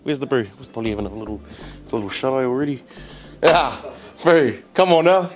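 A man's voice: mid-range voice, expressive, fairly quick, soft background music. A young man with a New Zealand accent, vlogging casually from a holiday trip and joking slangily with his mate. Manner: joking, slangy banter with frequent laughs. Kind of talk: casual travel vlog.

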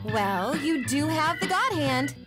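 A woman's voice: sits high, sing-song, takes it slowly, loud music behind the voice, heavily acted. An actress voicing an earnest young woman companion in a video game. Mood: insistent.

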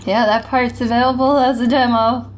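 A woman's voice: a little high, flat delivery, normal speed. A woman streaming a horror game, reacting with jittery swearing and nervous laughter and reading game text aloud. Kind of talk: live gameplay commentary.

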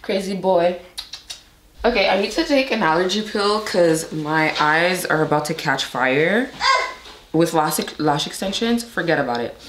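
Young woman vlogger, hoarse and low, rambling chatty delivery, roomy noisy home recording. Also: lively intonation, moderate pace. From Montreal, Canada. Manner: rambling, filler-heavy, emotional. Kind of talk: casual vlog chat to camera. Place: indoors at home. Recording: echoey room with noise.

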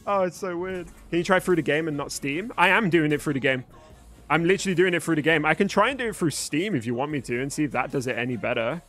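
Hosting a live stream, a young man from Birmingham, England, with a mostly neutral British accent chats with viewers and thanks them as he reads the chat. His voice is on the high side, a bit bright, and fast.

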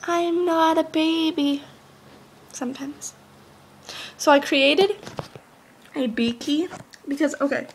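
Chatting casually on a home vlog through her laptop mic, a teen girl of seventeen is bubbly and rambling, filling her talk with "like." Her high voice is gravelly with a breathy edge.

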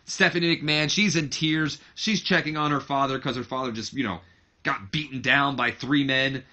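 Bright-voiced casual male gamer. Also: mid-range voice, normal speed, muffled recording. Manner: rambling, self-correcting, casual. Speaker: let's-play creator. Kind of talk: casual game commentary.

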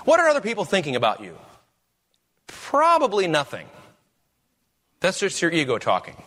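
A man's voice: sits high, huge pitch swings, moderate pace, a bit bright. A man preaching a sermon as pastor, with emphatic, rising questions.

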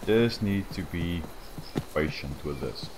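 A man casually commenting on his hunting game in a soft, slightly awkward, rambling way. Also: sits low, animated, takes it slowly, background noise. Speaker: gaming channel host.

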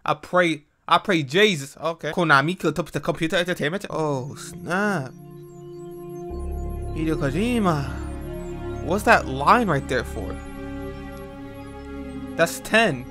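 A hyped man gives let's-play commentary on a game in slangy banter, and his pitch swings wildly as he reacts. His loud outbursts land over clear game music playing behind him. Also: animated, unhurried. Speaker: gaming channel host.

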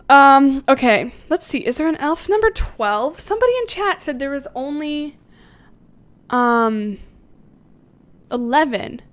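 A bubbly young woman livestreaming a game, with a fairly high, light voice. She giggles often and chats away casually, answering viewers as she plays. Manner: giggly, bubbly, chatty, reads chat aloud; usually talks fast. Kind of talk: casual livestream chat while gaming.

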